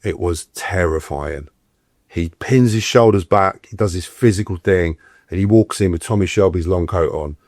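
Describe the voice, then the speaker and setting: This middle-aged actor has a deep voice and speaks at normal speed while telling stories as a guest in a casual interview. Animated, he acts out the voices he quotes, and the recording is dry with clean studio sound.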